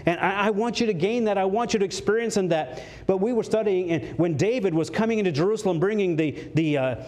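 A man with a slightly high voice preaching a sermon. He speaks earnestly, slows down to press home key words, and lifts his voice when the point grows urgent. Now and then he drops in a light joke. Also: a little mellow. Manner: earnest preaching, slows for emphasis, rises in pitch when stirred; slips in light jokes. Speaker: pastor.

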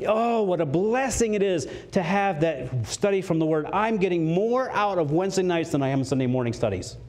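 An expressive pastor with a darkish tone preaches an earnest sermon, slowing down for emphasis on key words, rising in pitch when stirred, and sprinkling in light jokes.

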